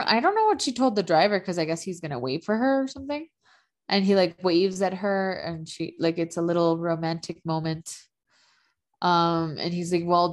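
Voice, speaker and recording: A woman in casual chat, recapping a TV drama as a podcast co-host, talking loosely with lots of fillers and frequent laughs. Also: fairly low pitch. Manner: chatty, filler-heavy, laughs often.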